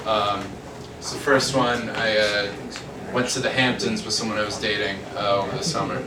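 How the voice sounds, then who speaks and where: A man's voice: lowish voice, little pitch movement, moderate pace. Hesitant male poet at an open mic. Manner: rambling, hesitant, filler-heavy. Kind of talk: casual chat before a reading. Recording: echoey room, distant mic, loud crowd.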